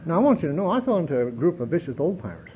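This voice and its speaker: A man's voice: very animated, racing. A man telling his recovery story at a meeting, rambling and wry, with lots of repeats. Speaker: speaker sharing at a recovery meeting. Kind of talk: personal recovery testimony. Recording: dull, lo-fi recording with faint rumble.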